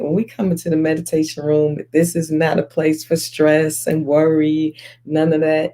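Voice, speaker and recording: Encouraging midlife woman hosting a livestream. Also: low voice. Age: middle-aged. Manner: warm, encouraging, greets viewers by name; preachy call-and-response phrasing. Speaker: host. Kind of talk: live-streamed talk show.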